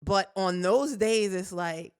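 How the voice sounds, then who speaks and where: A woman co-hosting a podcast, telling a story in a lively way and acting out her own reactions. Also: medium pitch, takes it slowly, clear, resonant tone. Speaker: podcast co-host. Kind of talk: casual chat.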